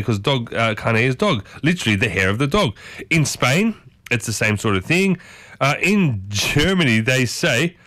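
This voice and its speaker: Chatty man with a bright, dry voice. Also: medium pitch, animated, moderate pace, dry recording. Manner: chatty, asks the audience many questions. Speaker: host. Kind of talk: casual talk to listeners.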